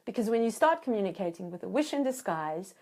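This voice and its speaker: Animated woman relationship coach. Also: mid-range voice, fast. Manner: animated, acts out quoted voices. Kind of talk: teaching talk.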